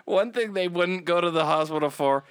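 A man's voice: sits high, normal speed, clear, resonant tone, no echo, clean studio sound. A man co-hosting a casual podcast, laid-back and jokey, laughing along with his partner. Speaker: podcast co-host.

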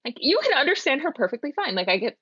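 A woman's voice: high voice, sing-song, quick pace, sharp tone, no echo. A woman in casual podcast talk, speaking thoughtfully and earnestly. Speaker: podcast co-host. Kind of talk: casual chat. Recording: dull, dry sound.

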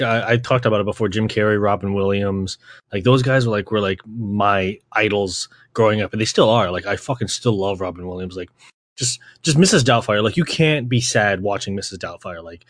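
A man's voice: fairly low pitch, no room sound, clean studio sound. A man co-hosting a casual podcast, talking loosely and profanely, laughing often and leaning on "like" as a filler. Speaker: podcast co-host.

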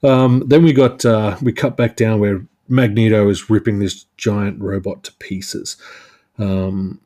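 A man's voice: lowish voice, fairly even intonation, measured pace, dark tone. A man hosting a podcast, chatting through a comic book issue in a loose, self-mocking way and laughing at his own jokes. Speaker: podcast host. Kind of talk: casual comic book recap.

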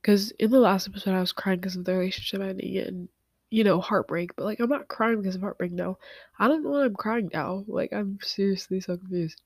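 A young woman hosting a podcast, talking through tears in a halting confessional monologue and often dropping to a whisper. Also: medium pitch, breathy edge, dry recording, studio quality. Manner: tearful, halting, many fillers, often drops to a whisper. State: crying. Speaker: podcast host.

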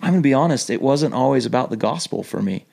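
A man guesting on a podcast, telling lively stories in an animated way, laughing often and restarting his sentences. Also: medium pitch, fast, creaky, slightly rough. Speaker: podcast guest, former missionary. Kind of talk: casual storytelling interview.

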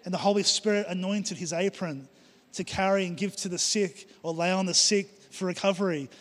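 Fairly quick and high-pitched, the pastor's sermon relies on emphatic, repeated phrases. He is middle-aged, speaking in a church hall where the recording echoes with a long reverb.

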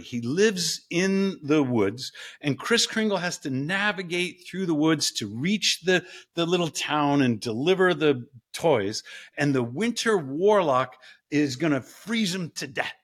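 A man, a professor, telling stories as a guest in an interview in an animated, playful way. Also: on the high side.

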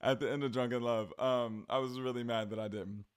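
A man's voice: medium pitch, fairly even intonation, a little fast, clear, resonant tone. A man hosting a casual pop culture podcast, gushing and rambling, swearing freely as he talks. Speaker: podcast host.

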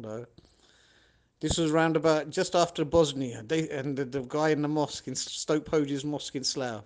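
A man from tells his own stories in an easygoing, conversational way. His voice sits at an ordinary middle pitch, and he gets lively whenever he acts out what someone else said. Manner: animated, acts out other people's lines. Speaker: podcast host telling his own stories. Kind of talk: casual storytelling monologue.

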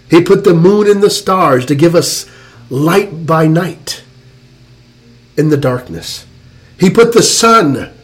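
A man preaching a fervent sermon with dramatic pauses. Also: fairly high pitch.

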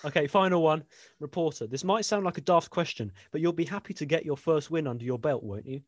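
A man's voice: a little high, fast talker, no echo, clean studio sound. A young man co-hosting a casual podcast, reading funny sporting quotes aloud and laughing often. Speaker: podcast co-host.

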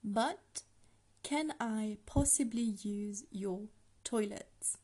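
A woman teaching a language lesson on a podcast, patient and slow, breaking phrases down for the listener to repeat. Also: medium pitch, dark tone.

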